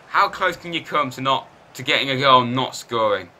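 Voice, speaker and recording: A man commentating his football video game in a lively, self-mocking way. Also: medium pitch, a little fast, few pauses. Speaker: gaming YouTuber.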